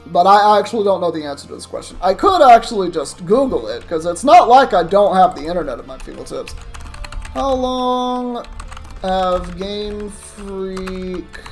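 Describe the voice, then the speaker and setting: A young adult streamer giving rambling, casual commentary while playing a game, swearing now and then. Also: medium pitch. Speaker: streamer playing a Pokemon challenge run. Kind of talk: casual let's-play commentary.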